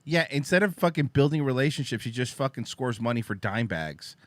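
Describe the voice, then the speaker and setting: A man's voice: mid-range voice, lively intonation, brisk, no room sound. A man hosting a casual chat show, talking bluntly and profanely and lecturing. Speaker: host.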